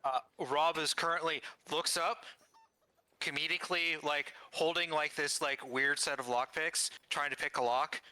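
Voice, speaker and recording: A man's voice: fairly high pitch, fairly even intonation, normal speed, pushed and bright. A man playing a tabletop game, describing his character's actions in a playful way. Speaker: player.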